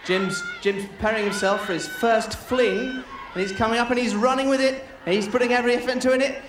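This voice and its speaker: A man's voice: very high-pitched, fairly quick, background noise. A man presenting and commentating an outdoor team game, joking and teasing the players. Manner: jokey, teasing, excitable. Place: outdoor sports field with crowd. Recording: echoey, distant mic, loud crowd.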